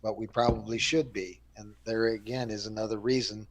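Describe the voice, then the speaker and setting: A man's voice: fairly low pitch, little pitch movement, fairly quick. A man hosting a casual panel chat, rambling with many fillers and restarts.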